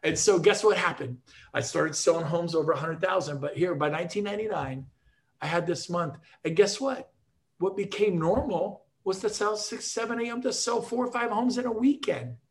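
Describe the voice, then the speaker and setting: High-voiced energetic man giving a pep talk. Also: moderate pace. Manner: energetic, emphatic, jokey storyteller. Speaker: real estate agent speaking to agents. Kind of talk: motivational talk on a video call. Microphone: video call.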